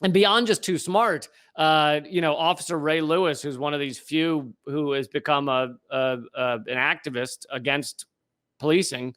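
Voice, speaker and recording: A man with a fairly high voice co-hosts a comedic podcast. He tells stories in loose casual chat, restarting sentences and swearing freely. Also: fairly even intonation, moderate pace, a bit bright, clean tone. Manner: storytelling with frequent restarts, swears, laughs easily. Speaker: podcast co-host.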